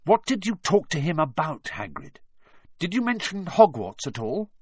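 A man's voice: a little high, big pitch swings, normal speed, darkish tone, slightly rough, no room sound, pitched above the performer's own voice. A man voicing an anxious young schoolboy wizard in a storybook reading, speaking with urgency. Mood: urgent.

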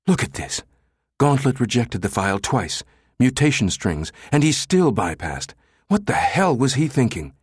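A man voicing a sharp, bossy young woman who talks with exasperated, pointed delivery. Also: mid-range voice, expressive, normal speed, no echo, clean studio sound, voice pushed up, close to an everyday voice.

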